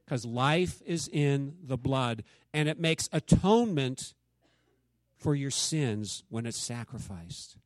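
Speaking slowly in an animated, mid-range voice, a church teacher from the United States guides a conversational Bible study. He quizzes those listening and acts out each quote he reads, with no echo in the recording.

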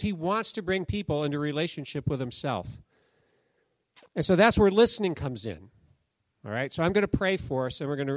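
A man preaching a sermon in a conversational way, telling the story with lively bursts and then dropping to a soft, hushed voice. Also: a little high, no room sound, studio quality. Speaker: pastor.

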